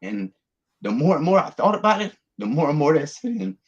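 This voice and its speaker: A man's voice: a little high, big pitch swings, fairly quick, highs cut off. A man, earnestly telling his personal testimony as a guest, rambling through the story with restarts.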